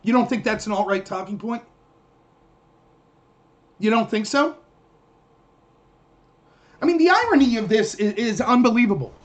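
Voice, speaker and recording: High-voiced man ranting at his chat. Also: expressive, moderate pace, pauses often. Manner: combative, sarcastic, ranting. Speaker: political livestream host. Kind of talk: heated solo commentary reading chat.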